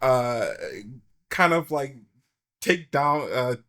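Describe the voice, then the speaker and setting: A man's voice: mid-range voice, drawn-out words, a bit bright, clean tone. A man hosting a casual opinion chat, rambling with many fillers and restarts. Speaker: podcast host.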